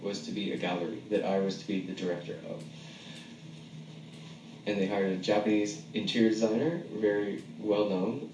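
A man's voice: on the low side, recorded from a distance. A man from San Francisco, a guest in a casual chat, telling his story in a rambling, hesitant way with many fillers. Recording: echoey room, mic set back, faint noise.

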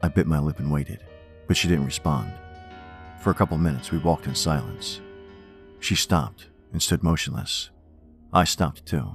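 A man narrating a first-person horror story in a measured, wry, reflective way. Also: rumbling low. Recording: faint music bed under narration.

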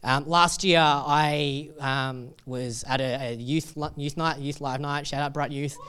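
A young man preaches to a congregation in a relaxed, joking way. His voice sits a little high for a man, and it is smooth and clear. He reads the verses with real feeling. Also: slow. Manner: casual, joking preaching with lively reading of scripture. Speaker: pastor. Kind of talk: sermon.

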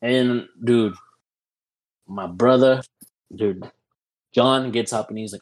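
A young adult man, a podcast guest, telling a story in a casual, animated way, full of "you know" and "dude". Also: medium pitch, takes it slowly, pauses often, poor audio.

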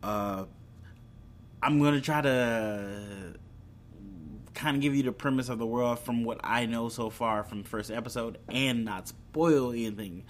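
A man's voice: medium pitch, measured pace, a little hiss or hum. A young man hosting a video, chatting casually about upcoming shows, rambling with fillers and restarts. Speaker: video host. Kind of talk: casual entertainment news chat.

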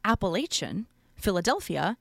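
A woman's voice: mid-range voice, big pitch swings, moderate pace, vocal fry, fairly bright tone, dry recording, clean studio sound. A woman co-hosting a podcast, chatting and reading out survey results, enthusiastic and quizzing her co-host.

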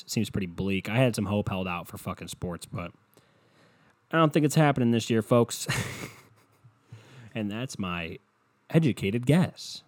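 A man's voice: on the low side, no room sound. Man, podcast host, casual comedic rant, sarcastic, swearing, dry close mic. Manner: sarcastic, profane, rambling.

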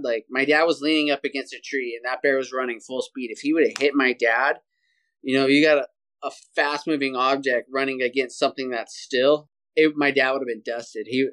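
A man tells a story as a podcast guest, animated and energetic, throwing in "dude" often. His voice sits at an ordinary middle pitch, and it comes through a video call. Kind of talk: casual storytelling interview.

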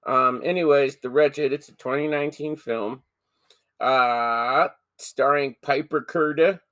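A man's voice: medium pitch, steady tone, measured pace, pushed and bright. A man hosting a horror podcast from home, joking around, swearing casually and laughing often. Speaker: podcast host.

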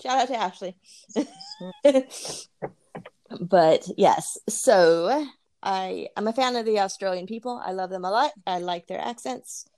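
Woman, podcast co-host, casual chatter, laughs a lot, mid-pitched voice. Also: animated, takes it slowly, darkish tone. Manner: chatty, laughs often, repeats words. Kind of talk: casual chat.

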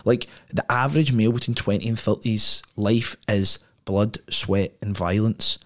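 A man's voice: on the low side, fairly even intonation, moderate pace. A man speaking as a podcast guest in casual conversation, blunt and profane, often ending points with tag questions. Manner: frequent tag questions and restarts.

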